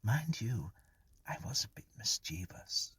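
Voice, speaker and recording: A sly, mocking young ghost woman, as a man puts her on, light and raised in pitch with a breathy, husky edge. She teases and goads in a lively sing-song, and the storybook voice sits close and dry. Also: unhurried, no echo, whispered, exaggerated voice. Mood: teasing, goading. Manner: teasing, scornful, mischievous.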